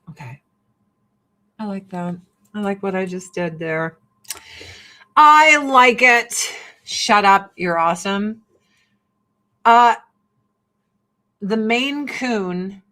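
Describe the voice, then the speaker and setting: A woman's voice: medium pitch, pushed and bright. Middle-aged woman doing a get-ready-with-me stream, swears a lot, blunt and chatty. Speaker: vlogger. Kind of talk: casual get-ready-with-me livestream chat.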